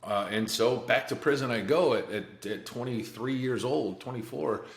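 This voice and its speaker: A man's voice: medium pitch, normal speed. A man in his forties telling his life story as a podcast guest, blunt and profane, with many restarts and short laughs. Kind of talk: candid life-story interview. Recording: roomy echo.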